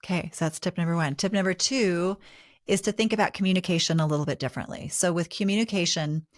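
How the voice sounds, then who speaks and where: Low-voiced woman explaining calmly. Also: no room sound, studio quality. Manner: measured, explanatory. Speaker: podcast co-host. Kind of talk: relationship advice talk.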